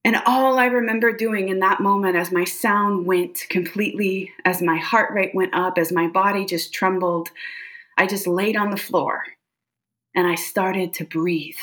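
A woman guest on a podcast, recounting a personal experience in an expressive, animated way, often adding "like" and "right?". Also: medium pitch, unhurried. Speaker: podcast guest, psychic medium. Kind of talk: personal storytelling in conversation.

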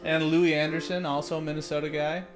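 A man's voice: fairly high pitch, little pitch movement, fast. Laid-back, hesitant man co-host. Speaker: podcast co-host. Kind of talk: casual comedy chat. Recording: music playing behind.

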